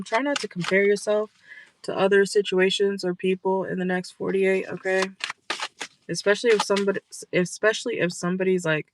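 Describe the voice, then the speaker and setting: A woman giving a casual tarot reading from her car, blunt and scolding, swearing freely, with a stuffy nose. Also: on the low side. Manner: blunt, scolding, profane, chatty. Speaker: tarot reader. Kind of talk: casual direct-to-camera reading. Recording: noticeable background noise.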